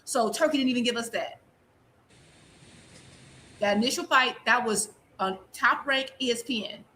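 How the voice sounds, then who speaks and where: A high, bright woman talks quickly and emphatically, piling up quoted voices as she rants in a casual panel chat. A faint noise sits under her voice. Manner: fast emphatic ranting with quoted asides.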